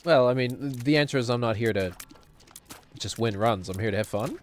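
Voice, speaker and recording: A man's voice: medium pitch, normal speed, slight background noise. A man streaming a game, rambling casually and chuckling at his own jokes. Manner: rambling, chuckling, self-mocking. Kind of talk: casual gaming commentary.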